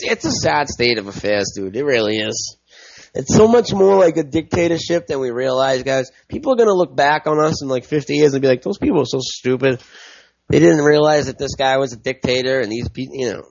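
A man's voice: mid-range voice, husky, no echo, lo-fi sound. A man ranting angrily to his viewers about politics, swearing and repeating himself. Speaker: political commentator.

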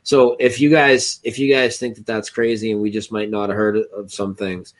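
A man's voice: fairly low pitch, little pitch movement, moderate pace. A man co-hosting a casual online show, rambling with restarts, swearing freely in disbelief. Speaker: co-host.

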